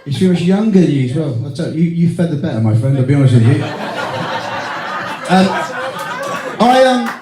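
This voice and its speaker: A man's voice: a little high, big pitch swings, moderate pace, pauses often. A middle-aged man giving a teasing, heartfelt best man speech at a wedding reception. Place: wedding reception hall with guests. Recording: echoey hall from far off, crowd.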